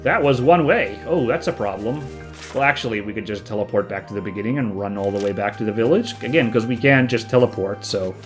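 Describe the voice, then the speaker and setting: A man's voice: on the low side, fairly quick, soft background music, low-quality recording. A man hosting a let's play, musing chattily about the game with plenty of fillers. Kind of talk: casual gameplay commentary.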